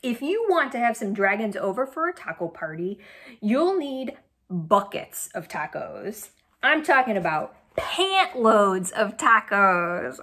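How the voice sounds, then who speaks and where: A woman's voice: on the high side, unhurried, slightly rough. A young woman reading a picture book aloud to children and asking them questions as she goes. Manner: animated, asks children questions. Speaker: children's storyteller.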